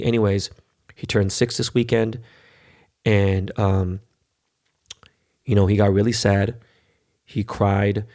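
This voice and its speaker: A man's voice: fairly low pitch, gravelly, a little mellow. A man, hosting a podcast and telling a loose, profane, talkative story in casual monologue. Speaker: podcast host.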